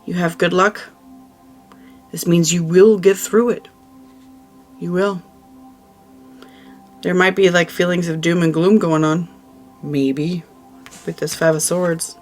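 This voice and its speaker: A woman giving a casual tarot reading, chatty and emphatic, who often repeats her phrases. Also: lowish voice. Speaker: tarot reader.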